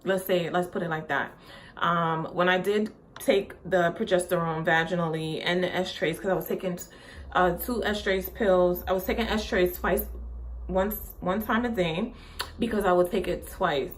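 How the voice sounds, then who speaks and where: Chatty young woman, lowish voice. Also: fairly even intonation, moderate pace, slight background noise. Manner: chatty, rambling with many fillers and restarts. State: often out of breath. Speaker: vlogger. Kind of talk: casual pregnancy update vlog.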